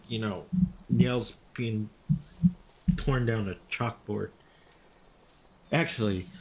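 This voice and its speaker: Man in his fifties, gravelly voice, unhurried, chats with viewers in chat while gaming. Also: on the low side, slight background noise. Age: 50s. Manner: chatty, talks to viewers in chat. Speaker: game streamer. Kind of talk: casual live-stream chat over gameplay.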